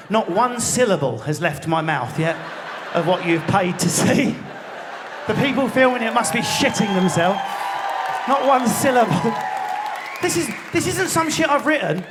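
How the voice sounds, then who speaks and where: An English man with an Essex accent doing a live stand-up routine in a large theatre, ranting fast with lots of swearing and sudden shouts. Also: high voice, a little hiss or hum. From England. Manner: rapid, swearing, mock-outraged rants with frequent shouting. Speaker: stand-up comedian. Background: audience laughter.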